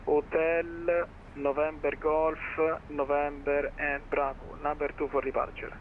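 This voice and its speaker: A man working as an air traffic controller, reading routine clearances in radio phraseology. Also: a little high, completely flat delivery, unhurried. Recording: tinny radio transmission.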